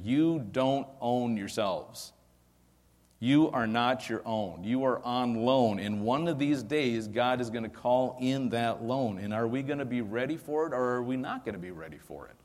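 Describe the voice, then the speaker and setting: Preaching man in a reverberant hall. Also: medium pitch. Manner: earnest, rhetorical questions, slows to stress verses. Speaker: pastor. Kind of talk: sermon.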